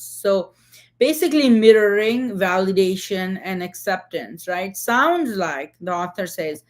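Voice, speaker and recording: A woman's voice: medium pitch, expressive, measured pace. Explanatory woman reading from a book. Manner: explanatory, checks in with frequent tag questions. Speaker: book discussion host.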